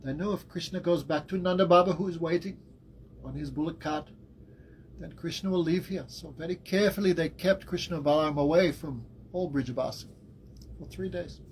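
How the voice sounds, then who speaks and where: A man giving a devotional class as a spiritual teacher, telling the story in a lively way. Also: fairly high pitch, a little fast, a little hiss or hum, rough recording. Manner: animated storytelling with laughs and acted quotes.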